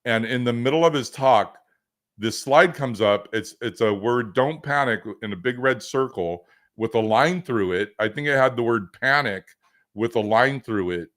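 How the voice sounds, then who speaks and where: A man hosting a livestream coaching session, talking off the cuff. His voice sits at a middling pitch for a man, and he rambles casually with plenty of fillers, restarts and joking asides. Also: normal speed, a bit bright.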